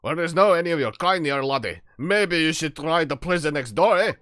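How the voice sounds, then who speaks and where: A man's voice: on the high side, lively intonation, fairly quick, a bit bright, no room sound, studio quality, pitched above the performer's own voice. A man voicing a hostile, burly, mustached prison governor with brusque, threatening, Scots-tinged speech, reading game dialogue on a stream. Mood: dismissive.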